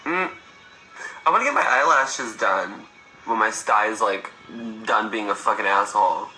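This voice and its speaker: A man's voice: on the low side, moderate pace, pushed and bright. A man in his twenties chatting on a livestream, sassy and campy, telling stories with plenty of swearing and laughter, on a phone mic. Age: 20s. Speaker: livestream host. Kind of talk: casual livestream chat. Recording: echoey room, faint music behind.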